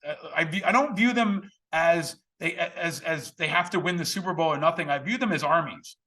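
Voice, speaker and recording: A man's voice: a little high, fairly quick, bright, forceful tone. A man hosting a podcast, talking politics in an earnest, emphatic and blunt way. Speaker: podcast host. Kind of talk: casual political conversation.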